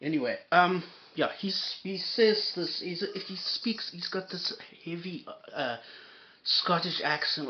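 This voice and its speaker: Man, commentary host, heated and sarcastic, swears freely, lively pitch, dull lo-fi sound. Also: normal speed. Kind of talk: reaction commentary.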